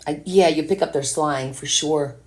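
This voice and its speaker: A woman's voice: low voice, moderate pace, darkish tone. A woman chatting casually on a live stream as she paints, rambling and answering viewers' comments.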